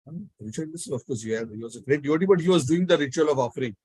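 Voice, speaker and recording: Male spiritual speaker, lively storyteller, a bit high-pitched, dry sound. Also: very fast, husky, no room sound, low-quality recording. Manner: animated, acts out the characters. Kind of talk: devotional storytelling talk.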